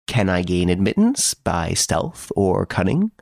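This is a suave gentleman thief, relaxed in his cell and amused by everyone around him, as a man puts him on. He teases and brags in a voice that leaps up and down, with some gravel under it. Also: low voice, measured pace, no echo, studio quality, full character voice. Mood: mocking, playful. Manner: playful, teasing, boastful. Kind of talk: audiobook character reading.

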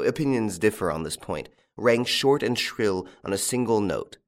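A man narrating a classic detective story in an audiobook, in a measured, unhurried storytelling manner. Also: fairly low pitch. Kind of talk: scripted narration.

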